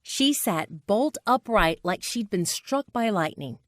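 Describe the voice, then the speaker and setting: A woman's voice: medium pitch, animated, measured pace, no echo, studio quality. A woman narrating a dramatic personal story in a scripted read.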